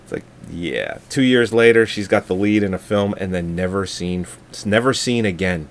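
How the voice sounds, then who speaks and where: A man's voice: fairly low pitch, animated, normal speed, slight background noise. A man co-hosting a casual movie review chat, swearing and laughing as he tells long stories. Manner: laughing, swearing, rambling storyteller. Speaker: podcast co-host.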